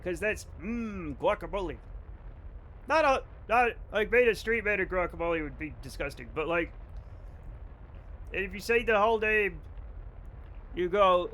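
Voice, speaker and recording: Young male streamer with a high, sharp voice who is chatty and profane and riffs on chat. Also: lively intonation, unhurried, long pauses. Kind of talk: casual live-stream chat while gaming.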